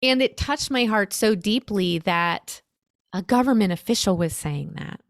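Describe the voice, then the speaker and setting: An American woman, a storyteller, recounting a personal experience in an earnest, animated, emotional way. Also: mid-range voice, measured pace, creaky, dry recording, studio quality. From United States. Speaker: storyteller guest. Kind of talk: conversational storytelling.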